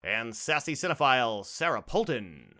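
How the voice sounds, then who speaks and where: A man hosting a comedy podcast, boisterous and quick to burst out laughing. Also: mid-range voice, sing-song. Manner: boisterous, laughs loudly at jokes. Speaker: podcast host.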